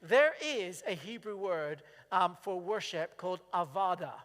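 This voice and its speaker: A man's voice: high-pitched, expressive, unhurried, fairly bright tone. Man, sermon, chatty, questions the congregation, long church reverb. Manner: chatty, asks the congregation questions, acts out quotes. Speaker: pastor.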